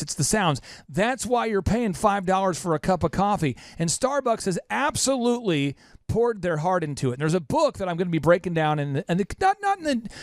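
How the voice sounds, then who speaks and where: A man's voice: sits high, dry recording, clean studio sound. A man hosting a business podcast, talking with emphasis and putting questions to his cohost. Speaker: podcast host. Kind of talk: energetic business podcast talk.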